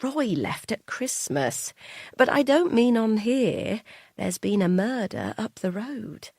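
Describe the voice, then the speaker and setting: A chatty, muddled old mum, pitched a touch higher and brighter than the teller's own voice, as a female narrator puts her on. She gossips fondly and tuts, in a dry, close audiobook read. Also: big pitch swings, slow pace, creaky, husky, no room sound, heavily acted. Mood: gossipy. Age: older. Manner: chatty, tutting, easily muddled. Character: elderly British mum, confused, gossipy, fond.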